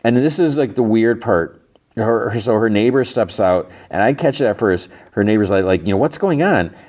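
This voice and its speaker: At a moderate pace, a man with a fairly low, slightly mellow voice runs a podcast. He rambles through a relaxed TV episode recap, restarting often and leaning on fillers.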